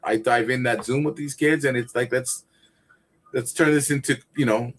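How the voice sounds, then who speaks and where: A man's voice: mid-range voice, fairly even intonation, moderate pace. A man who teaches gardening, a guest on a casual livestream chat, rambling and enthusiastic with lots of restarts.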